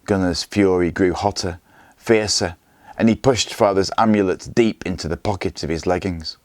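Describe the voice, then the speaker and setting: A man, a teacher, reading a children's novel aloud with steady, expressive storytelling. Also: deep voice, normal speed, dry recording. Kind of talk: read-aloud story narration.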